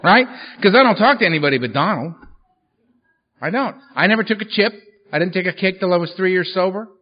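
The recording is dull and lo-fi: a man giving a recovery meeting workshop talk, sharing his story with blunt humor and plenty of swearing. His high voice has lively intonation, and he speaks briskly.

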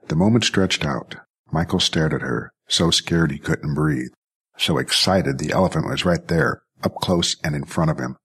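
Guy narrating a sci-fi story, super low voice, kinda husky. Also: moderate pace. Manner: steady, even storytelling. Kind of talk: scripted audiobook narration.

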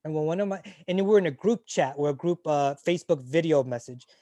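Frank, profane man with a mellow voice. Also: a little high, dry recording. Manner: frank and emotional, swears freely, halting restarts. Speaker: interview guest, retired Navy corpsman. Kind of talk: candid conversational storytelling.

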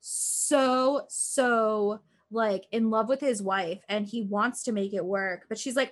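This woman speaks in a mid-range voice with fairly even intonation, slowly and with few pauses. As a casual podcast co-host she retells a true-crime episode, rambling, peppering it with "like," and acting out quotes.

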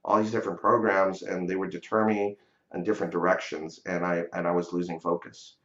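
A man with a low-sitting voice and a level, fairly bright tone speaks briskly as a real estate investor guest, sharing a story in a laid-back interview. His talk is conversational and peppered with "you know" and "right?", recorded as dull lo-fi audio in a roomy space.

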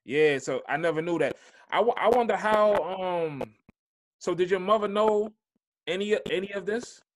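A man interviewing a guest, asking questions in a halting way full of fillers. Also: high-pitched. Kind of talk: casual interview.

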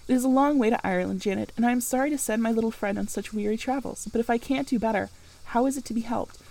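A woman voicing a commanding, brooding middle-aged gentleman in an audiobook, with a slightly high voice. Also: fast, vocal fry, low-quality recording. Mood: tender.

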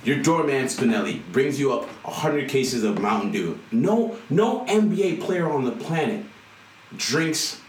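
A man co-hosting a casual gaming chat, telling stories animatedly and acting out characters. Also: a little slow. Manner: animated storytelling, acting out characters with big pitch jumps. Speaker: podcast co-host. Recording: echoey room, mic at a distance, faint noise.

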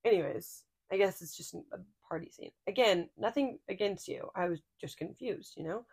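A young woman chats on her podcast in an easy, rambling storytelling style, packing her sentences with fillers and breaking into laughter. Her pitch sits in a plain middle range. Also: animated, normal speed, darkish tone, husky. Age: young adult. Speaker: podcast co-host. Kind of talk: casual chat.

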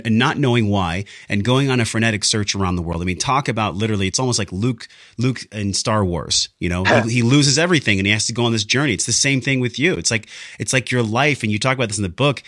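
A man's voice: lowish voice, a bit bright, no room sound. A man hosting a podcast, asking his guest questions in an enthusiastic and effusive way. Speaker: podcast host. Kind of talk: interview questions. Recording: dry close sound.

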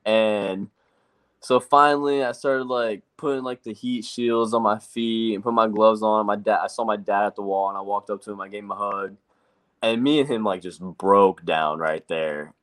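A man's voice: lowish voice, fairly even intonation, moderate pace, a bit bright. A young man, a race driver being interviewed, telling his story casually and quoting himself with lots of "like". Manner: rambling, quotes himself with lots of "like". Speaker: race truck driver guest.

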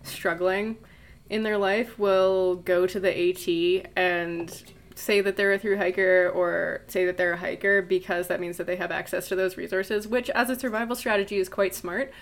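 A woman's voice: lowish voice, steady tone, moderate pace. A woman co-hosting a casual podcast. She speaks bluntly and matter-of-factly and gets straight to the point. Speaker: podcast co-host. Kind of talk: casual chat.

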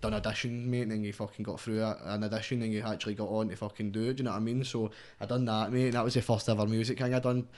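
A man's voice: fairly low pitch, little pitch movement, rapid-fire, few pauses, a little mellow. A young man with a Scottish accent, a guest rapper chatting casually, rambling and swearing constantly, tagging everything with "mate.". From Scotland. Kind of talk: casual interview chat.

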